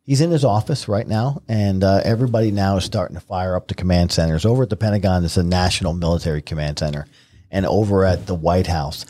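A middle-aged man from New York, guesting on a podcast, spins his stories in a deep, husky voice. He acts out the quotes as he goes, which keeps the telling lively. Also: quick pace. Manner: vivid, animated retelling with acted-out quotes. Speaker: guest, retired Marine helicopter pilot. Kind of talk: conversational storytelling.

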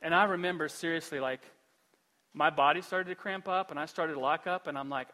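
A man preaching a sermon as pastor in a church, moving between quiet pleading and loud, lively storytelling. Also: on the high side, brisk, long reverb tail. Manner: shifts from hushed pleading to loud, animated storytelling. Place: church sanctuary.

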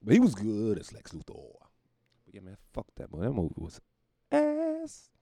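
A man's voice: fairly low pitch, very animated, brisk, warm tone, breathy edge, no room sound, clean studio sound. A man going on a rambling, profane comedic rant, often laughing at his own jokes.

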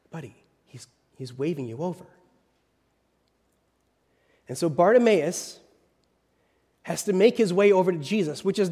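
Dramatic preacher whispering and rising. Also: male voice, sits high, big-room sound. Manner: dramatic, shifting from loud to whispered. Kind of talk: sermon.

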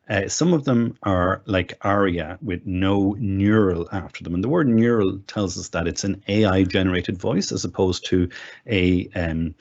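Husky-voiced man giving a tech demo. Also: on the low side. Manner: chatty, self-deprecating, explains step by step. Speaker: guest demonstrating software. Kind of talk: casual spoken tech demo. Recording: dull lo-fi remote recording.

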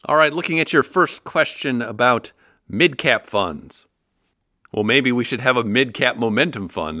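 A man with a Midwestern American accent hosting a finance podcast, explaining things in a measured way with dry humor. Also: mid-range voice, expressive, sharp tone, no room sound. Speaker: podcast host.

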